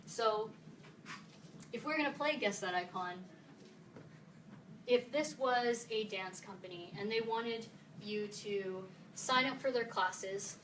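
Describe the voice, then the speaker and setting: A woman's voice: mid-range voice, slow pace, long pauses, fairly bright tone, slight background noise. A woman from the Philippines giving a casual, playful talk at a meetup, quizzing her audience. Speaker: conference speaker. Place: meeting room with audience. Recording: roomy sound, mic at a distance, faint ambience.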